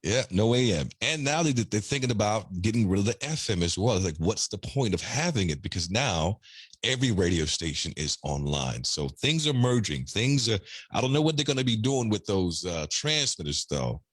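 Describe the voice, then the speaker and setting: A middle-aged man with a deep baritone voice, chatting casually as a radio personality guest, laid-back with chuckling asides. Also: sing-song, moderate pace, slightly rough, dry recording, clean studio sound. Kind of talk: casual interview chat.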